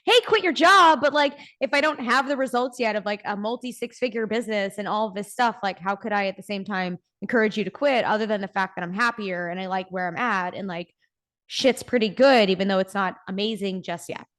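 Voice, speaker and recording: A young woman guesting on a podcast, talking candidly in a relaxed way, often saying "like" and swearing casually. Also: medium pitch, a little fast.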